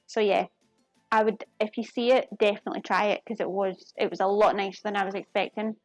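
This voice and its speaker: A woman's voice: medium pitch, level tone, no room sound, faint music behind. Chatty Scottish woman streaming her cooking. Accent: Glaswegian Scottish. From Scotland. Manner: chatty, apologetic, quick to laugh. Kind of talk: casual live-stream chat while cooking.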